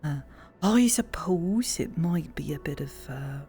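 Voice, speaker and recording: Roleplay streamer, gravelly, soft put-on Irish lilt, rambly and musing. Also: medium pitch, lively intonation, measured pace, soft background music. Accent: light put-on Irish. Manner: musing, rambling, self-conscious about the accent. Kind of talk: casual in-character roleplay chat.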